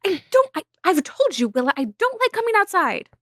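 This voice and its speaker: A woman voicing a coy, scheming young debutante with prim, sweetly theatrical high-society manners. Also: big pitch swings, fairly quick, a bit bright, dry recording, studio quality, exaggerated voice. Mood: plaintive.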